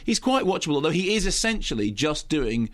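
A man talking as a film critic on a radio talk show, emphatic and opinionated, in rapid bursts with playful mimicry. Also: a little high, big pitch swings, a bit bright, no echo. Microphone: studio microphone.

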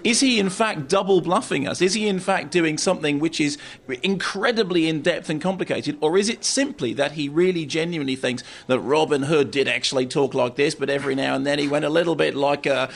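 Excitable male film critic on radio. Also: a little high, fairly quick, vocal fry. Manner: excitable, repeats words while riffing. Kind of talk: casual radio chat.

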